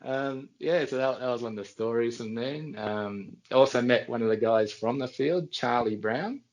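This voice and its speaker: A man's voice: medium pitch, normal speed, dull audio. A middle-aged Australian man, a podcast guest, telling casual, rambling anecdotes with frequent restarts. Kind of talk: casual storytelling.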